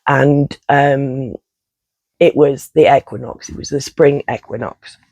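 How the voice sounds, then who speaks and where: Gravelly man telling a rambling story. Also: medium pitch, fairly even intonation, takes it slowly, a little mellow, no echo, low-quality recording. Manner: rambling, swearing, self-interrupting. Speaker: vlogger. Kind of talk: casual storytelling.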